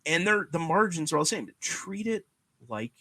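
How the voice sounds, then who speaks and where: A man hosting a casual podcast chat with a lively, swooping voice that climbs high when he gets going. He rants with emphatic repetition. The sound is dry and close. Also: moderate pace, dry recording. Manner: animated, ranting, lots of "you know" and "guess what". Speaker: podcast host.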